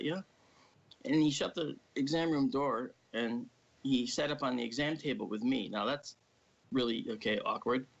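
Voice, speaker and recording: A man telling a long personal story casually on a live stream, animated and acting out the people he quotes. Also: medium pitch, moderate pace, creaky. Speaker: guest. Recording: dull lo-fi stream audio.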